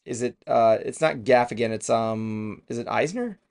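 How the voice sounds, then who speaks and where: A man with a gravelly, creaky voice chats casually as a co-host of a trailer reaction show. He rambles from point to point, pokes fun at himself, and swears freely along the way. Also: mid-range voice, moderate pace, a little mellow. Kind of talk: casual chat.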